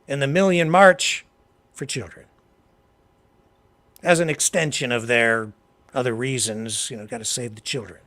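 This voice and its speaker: A Canadian man hosting a political talk show, delivering impassioned commentary that swings from low, quiet remarks to loud, emphatic outbursts. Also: measured pace, long pauses. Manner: heated, addresses a co-host directly.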